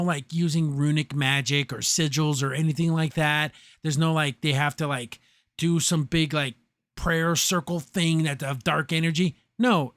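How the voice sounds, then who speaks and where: A man's voice: fairly high pitch, fairly bright tone, no room sound. A man recapping an episode on a podcast, rambling and sarcastic, full of fillers and restarts. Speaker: podcast host reviewing a show.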